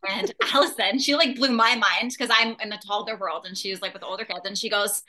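A woman in her thirties appears as a guest in a casual conversation, explaining things patiently and reassuringly. Her voice is bright and crisp, with pitch in the middle range. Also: a little fast, hardly any pauses. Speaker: guest parenting creator. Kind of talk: casual podcast chat.

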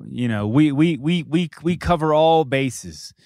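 Animated man laughing on a podcast. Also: fairly high pitch, measured pace, dry recording, clean studio sound. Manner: animated, laughs often, repeats words when excited. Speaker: podcast co-host. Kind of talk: casual podcast chat.

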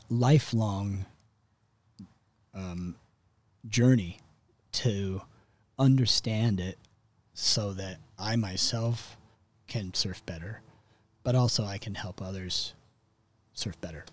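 Low-voiced man telling a rambling story. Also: slow pace, pauses often. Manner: rambling, self-interrupting, swears casually. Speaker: surfer. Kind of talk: casual storytelling.

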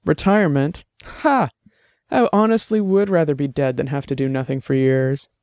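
A man voicing a rapidly aging, gruff old former bruiser who talks bluntly and wryly. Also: a little high, darkish tone, no room sound, clean studio sound, natural voice. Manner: blunt, salty, wry.

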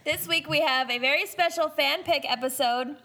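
A woman's voice: sits high, normal speed, bright, forceful tone, slight background noise. A woman co-hosting a podcast in casual chat, giggling often as she talks. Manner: giggly, laughs often between phrases. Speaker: podcast co-host.

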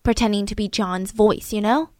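A woman casually telling a true-crime story to a co-host, chatty and animated, with frequent asides. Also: medium pitch, moderate pace, dry recording.

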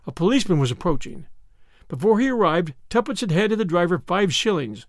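A man narrating a novel in an expressive storytelling manner. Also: sits high, fairly quick, no echo, clean studio sound. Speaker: audiobook narrator. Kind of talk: scripted narration.

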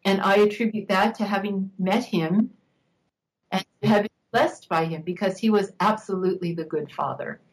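An older woman, an interview guest, telling a personal story in a reflective, unhurried way, laughing now and then. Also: mid-range voice, poor audio.

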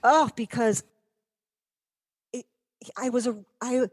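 A woman's voice: fairly high pitch, steady tone, slow pace, husky. A middle-aged woman guest, telling stories in a chatty, rambling way with many restarts. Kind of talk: casual chat.

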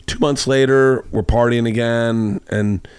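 A man's voice: mid-range voice, fairly even intonation, measured pace, darkish tone, clean tone, no room sound. A man hosting a podcast, telling a long rambling anecdote in casual chat and acting out the quoted lines. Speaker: podcast host. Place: home studio.

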